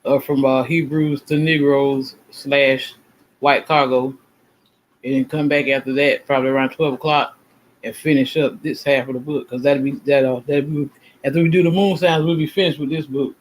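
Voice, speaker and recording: A man's voice: medium pitch, steady tone, moderate pace, rough recording. A man hosting a casual livestream, talking in a rambling, emphatic and self-assured way, often repeating himself. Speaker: channel host.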